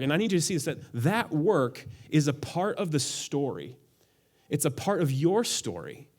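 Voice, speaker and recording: A male pastor preaches a sermon in a voice a little higher than most men's. His delivery is relaxed, casual, and conversational, with frequent side remarks.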